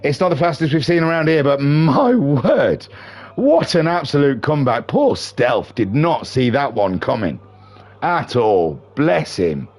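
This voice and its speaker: A man commentating a sim racing league live, chatty between moments and building to shouts at the big moments. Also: medium pitch, measured pace. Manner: excitable, swings from chatty to shouting. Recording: noisy with game car audio. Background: race car engine sounds.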